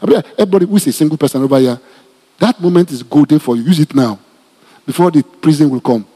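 Speaking fast, a Nigerian-accented male pastor delivers a scripture-based teaching sermon in a slightly high, mellow, lightly husky voice. He's energetic and repetitive, tossing humorous asides to listeners, and the sound carries a long reverb, as though in a church hall.

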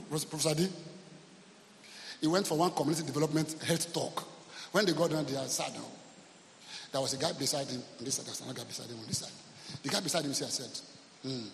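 A man preaching a sermon as pastor, animated, acting out quotes and calling out to the congregation. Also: medium pitch, brisk, pauses often, a little hiss or hum. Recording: long hall reverb.

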